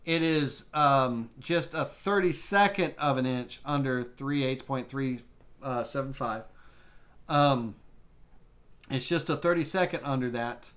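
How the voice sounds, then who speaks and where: A man teaching a live CNC software tutorial, thinking aloud with restarts as he works through settings. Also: medium pitch, measured pace. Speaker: woodworking CNC instructor.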